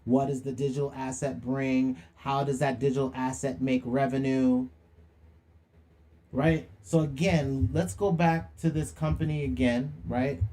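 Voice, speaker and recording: A man's voice: medium pitch, steady tone, unhurried, warm tone. A young man hosting a livestream monologue, preachy and slangy, firing rhetorical questions and calling people out. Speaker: livestream host.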